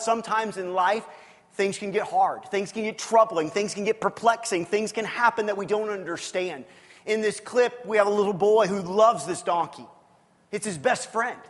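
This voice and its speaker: A man preaching a sermon as pastor, earnest and repetitive, often restarting his words. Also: sits high. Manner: earnest, repetitive, stumbles and restarts, bursts to shouting. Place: church hall. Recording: long reverb of a large hall.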